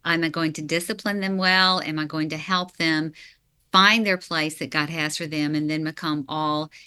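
A middle-aged woman with a bright, forceful voice, answering an interviewer earnestly. She talks in a slightly low register and lays out her points step by step, now and then with a light laugh. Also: steady tone, normal speed, smooth. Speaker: author and parenting guest.

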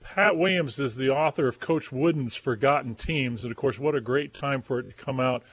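A man's voice: mid-range voice, moderate pace, slightly rough, no room sound. A male radio host asking long, enthusiastic questions in an interview.

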